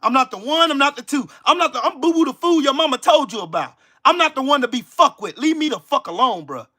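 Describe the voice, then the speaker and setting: High-pitched, forceful ranting man. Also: lively intonation, fast. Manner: profane, confrontational, shouts at times. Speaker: channel host. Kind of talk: angry livestream rant.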